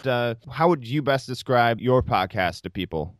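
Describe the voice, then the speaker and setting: Podcast host, male, smooth voice, chatty jokey delivery, dry close mic. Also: mid-range voice, expressive, normal speed, dry recording. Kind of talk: casual podcast interview.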